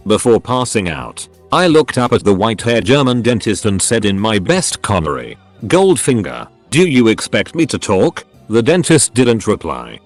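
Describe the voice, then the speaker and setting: Low-voiced man narrating lively stories. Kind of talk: scripted narration of online stories.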